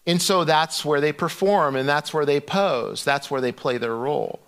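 A middle-aged man preaching a sermon in a conversational, animated storytelling way, often restarting his sentences. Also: on the high side, moderate pace. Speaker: pastor.

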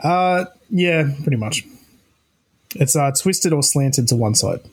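A man's voice: on the high side, expressive, slow pace, slightly rough. A man co-hosting a casual podcast, laid-back as he explains a slang word. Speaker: podcast co-host.

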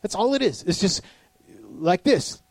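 A man preaching a sermon as a pastor, animated, acting out the voices of people he quotes. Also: high voice, unhurried, dry recording.

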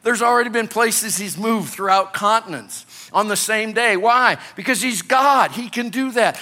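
A male pastor from Illinois, preaching an animated sermon that swings between loud urgency and quiet, hushed moments. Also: extremely high pitch, normal speed, hardly any pauses.

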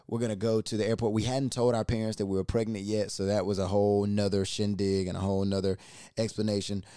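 A man hosting a podcast, lively as he retells a personal story and repeating words when excited. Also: lowish voice, quick pace, clean tone, dry recording, studio quality. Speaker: podcast host.

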